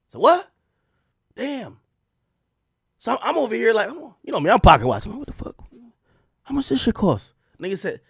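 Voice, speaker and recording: A young man hosting a show, telling a story to viewers in a casual, profane and slangy way, with loud exclaims and quiet asides. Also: sits high, very animated, normal speed, gravelly, long pauses, slightly rough, no room sound, clean studio sound. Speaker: show host.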